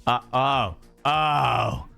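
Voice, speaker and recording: A man chatting casually with viewers as a livestream host, playful and theatrical, swearing freely and swinging between shouts and hushed asides. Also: medium pitch, drawn-out words, vocal fry, clean tone, soft background music.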